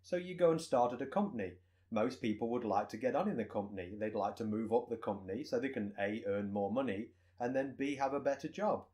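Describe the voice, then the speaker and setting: A man's voice: medium pitch, a little fast, mellow. Man explaining in casual chat. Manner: explains with everyday examples, repeats "so again". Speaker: podcast co-host, personal trainer.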